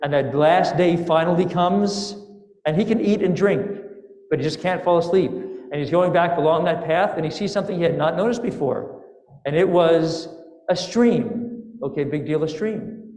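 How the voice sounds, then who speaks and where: A rabbi telling a fairy tale during a holiday sermon, playful and lively, with asides to the congregation. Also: male voice, fairly high pitch, normal speed. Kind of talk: sermon storytelling. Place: synagogue sanctuary. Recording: echoey sanctuary with long reverb.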